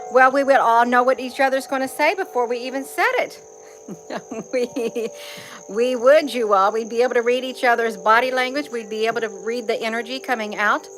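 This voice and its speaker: A woman's voice: on the high side, fairly bright tone, rough recording. Folksy woman chatting to viewers. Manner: folksy, repeats "you all", chats to viewers by name. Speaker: livestream host reading chat. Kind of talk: casual livestream chat. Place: outdoors among trees.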